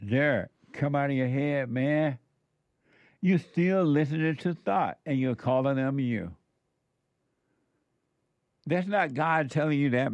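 A man's voice: medium pitch, slow pace, pauses often, dry recording, dull audio. Male host, close dry mic, urgent repeating spiritual pep talk, says "amazing" a lot. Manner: repetitive, exclaims "amazing", preacher-like urging. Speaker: show host answering viewer messages. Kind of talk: casual live-stream chat with religious advice.

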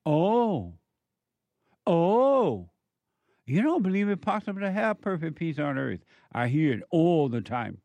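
A man's voice: on the high side, big pitch swings, slow, a little mellow, dry recording. A male counselor delivering a preachy monologue, firing off emphatic rhetorical questions in a scolding tone.

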